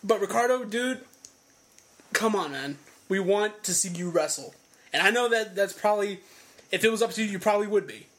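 A man co-hosting a casual podcast chat, excitable and prone to indignant rants. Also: sits high, brisk. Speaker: podcast co-host. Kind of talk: casual chat about wrestling.

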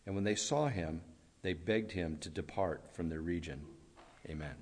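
A man reading a long scripture passage aloud in a measured, steady way. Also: low voice, a little hiss or hum. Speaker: scripture reader.

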